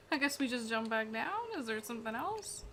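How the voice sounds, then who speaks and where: A woman co-playing on a live game stream, chatting casually and giggling. Her voice sits high. It has a bright, sharp tone. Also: expressive, moderate pace. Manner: laid-back, giggly remarks. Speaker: co-player guest. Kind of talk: casual gaming chat.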